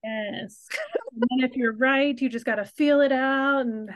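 A woman's voice: sits high, fairly even intonation, a little slow. A woman co-hosting a podcast in casual chat, mostly agreeing with short replies before explaining her points. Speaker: podcast co-host.

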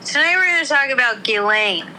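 A woman with a very bright, sharp voice chats casually as a podcast co-host, teasing and laughing as she talks. Her is easy to hear, and a faint noise sits behind her. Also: high voice, expressive, brisk, poor audio. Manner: chatty, laughs often, teasing. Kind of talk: casual chat.

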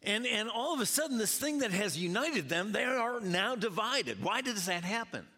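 A man's voice: high voice, normal speed. A man preaching a sermon to a congregation, chatting with the audience as he goes. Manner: lively, conversational preaching with audience banter. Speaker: pastor. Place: church sanctuary. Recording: long hall reverb.

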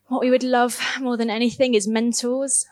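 A woman's voice: on the high side, flat delivery, normal speed, darkish tone, no room sound. Earnest woman telling church stories. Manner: casual, earnest, laughs at her own stories, many fillers like "like". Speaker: youth ministry worker speaking to her church. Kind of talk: church talk, personal storytelling.

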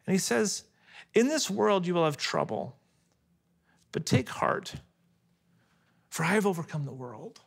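A man in his thirties delivers a sermon in an earnest, personal way. His voice sits fairly high for a man. He moves between hushed, tender passages and emphatic, rising ones. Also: very animated, a little slow, creaky, pauses often, husky. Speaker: pastor.

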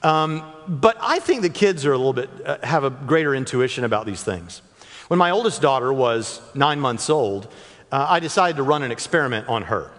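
Lively joking man preaching in an echoing hall. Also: mid-range voice, moderate pace. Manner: joking, chatty, speaks directly to the crowd. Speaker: guest speaker at a church. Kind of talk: apologetics talk to a live church audience. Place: church auditorium stage. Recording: long reverb of a large hall.

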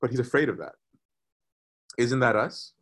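A man's voice: medium pitch, animated, normal speed, fairly bright tone. Man preaching a conversational sermon. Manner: conversational, repeats words while thinking.

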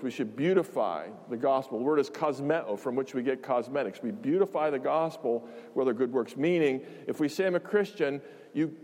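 A man's voice: mid-range voice, a little mellow, long reverb tail. A man preaching a conversational, emphatic sermon, full of asides and repeated phrases.

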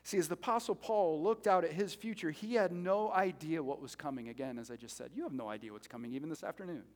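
A man preaching a sermon as pastor, animated and conversational, joking with the congregation between points. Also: a little high, fast. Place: church sanctuary. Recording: reverberant hall.

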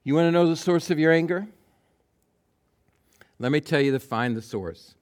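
A man preaching a sermon, acting out quotes with big swings from loud bursts to hushed lines. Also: a little high, normal speed. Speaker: pastor.

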